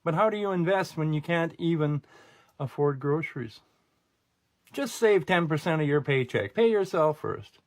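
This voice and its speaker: A man gives pointed, frustrated commentary with emphatic stress. His voice sits a little high, and the recording is clean. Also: lively intonation, normal speed. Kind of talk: scripted social commentary.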